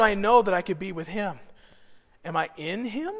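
Brief: male pastor, very high voice, chatty sermon delivery, church hall with long echo. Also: normal speed, long pauses. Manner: conversational, acts out quoted voices. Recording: long reverb of a large hall.

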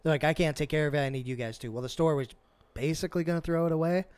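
A man tells a rambling story with a slightly high voice, swearing freely and jumping up loud for the quotes. The sound is dry and close, with no room around it. He talks like a regular on a casual podcast. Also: very fast, clear, resonant tone, no room sound. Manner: animated, profane, acts out quotes. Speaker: podcast co-host.

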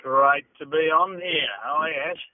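A man's voice: a little high, steady tone, normal speed, no room sound. A middle-aged man from England with an Australian accent, recalling his acting work in a hesitant phone interview full of fillers. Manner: hesitant, many fillers and restarts. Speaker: interview guest, actor. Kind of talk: phone interview, casual recollection. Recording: tinny phone line.

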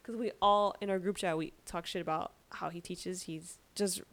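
A young woman, a podcast co-host and student, chatting casually and telling animated stories with quoted voices. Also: on the low side, normal speed, no echo. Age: young adult. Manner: animated storyteller, quoting others in playful voices. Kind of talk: casual chat.

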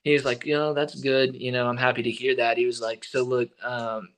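A young man in his twenties, a baseball pitcher telling his story as a guest in a casual, rambling way, full of fillers. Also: flat delivery, fairly quick, low-quality recording.

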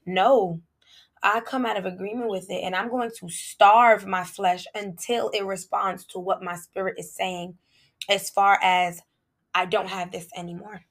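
A woman hosting a podcast, telling a casual faith testimony in an animated, colloquial way and speaking straight to her listeners. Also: medium pitch, unhurried. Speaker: podcast host.

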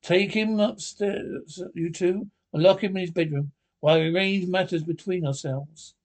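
A stern old badger, put on by a man reading aloud, commanding and scolding, with a gravelly, slightly high voice. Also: fairly even intonation, normal speed. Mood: firm.

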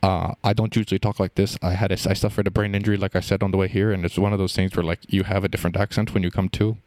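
A man putting on a rambling male rapper who claims a brain injury, talking in a halting, stammering way in an improvised comedy bit. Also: low-pitched, level tone, darkish tone, dry recording, lightly acted.

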